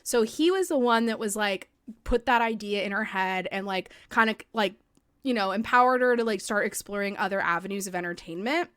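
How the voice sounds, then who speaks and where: This young woman hosts a podcast in casual conversation, talking a little fast in a mid-range, slightly bright and smooth voice. She's chatty, curses freely and says "like" a lot into a podcast microphone, with studio-quality audio and no room sound.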